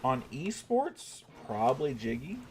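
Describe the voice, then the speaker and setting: A man's voice: mid-range voice, very animated, measured pace, darkish tone, a little hiss or hum. A young man streaming a strategy game, thinking aloud to his chat and swearing when irritated. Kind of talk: casual gameplay commentary to chat.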